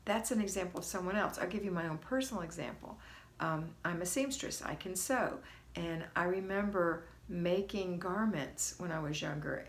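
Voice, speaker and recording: A middle-aged woman hosting a homemaking livestream, greeting viewers by name and coaching in a chatty, folksy, encouraging way. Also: fairly low pitch. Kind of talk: casual live coaching talk.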